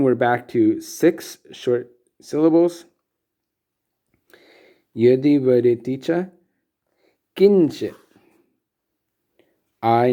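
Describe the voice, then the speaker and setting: A man's voice: medium pitch, dark tone. A man teaching Sanskrit meter in a recorded lesson, explaining things patiently and methodically with frequent ums.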